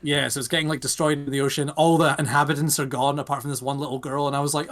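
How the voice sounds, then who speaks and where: A man's voice: on the high side, little pitch movement, fast talker, few pauses, fairly bright tone. A young British man co-hosting a podcast, rambling in casual chat and firing off rhetorical questions. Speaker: podcast co-host.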